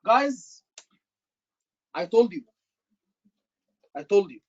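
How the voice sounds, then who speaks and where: A man's voice: high-pitched, sing-song, drawn-out words, dry recording, dull audio. Man teaching, dry sound. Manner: emphatic, repeats words, says "brother" often. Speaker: medical exam tutor. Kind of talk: online teaching session.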